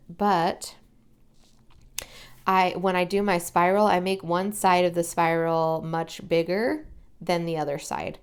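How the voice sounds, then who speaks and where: A young woman chatting casually while she paints, soft-spoken and often slipping into a whisper as she works. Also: fairly low pitch, clear, resonant tone. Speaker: watercolor crafting vlogger.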